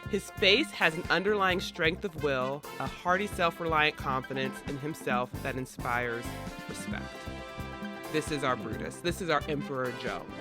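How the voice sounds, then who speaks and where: A man hosting a podcast, retelling a historical play in a chatty, animated way. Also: a little high, moderate pace, hardly any pauses, over music. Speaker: podcast host. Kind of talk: casual storytelling of history.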